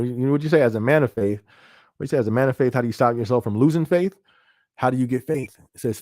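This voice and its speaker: Male live-stream host, casual and loose, mid-pitched voice, close dry mic. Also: a little mellow, no echo. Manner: laid-back, laughs often, frequent fillers like "you feel me". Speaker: livestream podcast host. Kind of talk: casual live-stream chat reading viewer comments.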